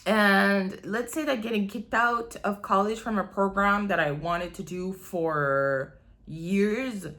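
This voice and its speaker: A woman in her 20s takes her time, her mid-range voice carrying a fairly bright tone. As a vlogger, she tells her own story in casual confessional fashion, rambling candidly, swearing freely, and leaning heavily on "like."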